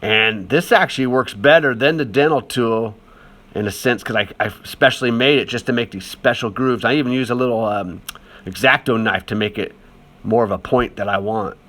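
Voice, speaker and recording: A man's voice: mid-range voice, moderate pace, fairly bright tone. A man talking casually over a demonstration as an art teacher, chatty and encouraging, with lots of fillers.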